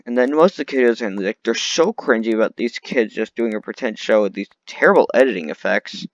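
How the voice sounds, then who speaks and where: A man's voice: on the low side, a little fast, no room sound, dull audio. A man delivering an unscripted, rambling rant full of complaints, often restarting his sentences. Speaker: vlogger.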